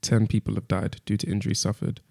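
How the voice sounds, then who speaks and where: A man's voice: lowish voice, fast talker, creaky. Young man hosting a podcast. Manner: steady, persistent questioning. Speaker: podcast host leading discussion. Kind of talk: casual podcast chat.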